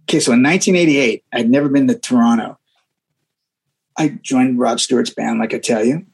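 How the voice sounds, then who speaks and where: A man, a guest musician, telling stories in a casual interview, animated and often repeating words as he acts out what people said. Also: medium pitch, a little fast, creaky, husky, poor audio.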